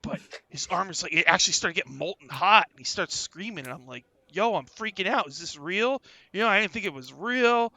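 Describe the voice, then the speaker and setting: A man's voice: high voice, lively intonation, a little fast, few pauses, sharp tone, dry recording, exaggerated voice. A man voicing a twitchy, drug-addled male street dog who rambles in slang and gets defensive, in a tabletop game. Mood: rambling. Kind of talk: in-character role-play.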